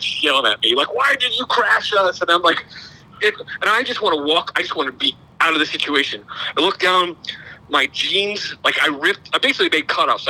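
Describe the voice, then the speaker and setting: A middle-aged podcast co-host tells a long, rambling, self-deprecating story in casual chat. His voice is a little high with a sharp tone, and the recording is rough.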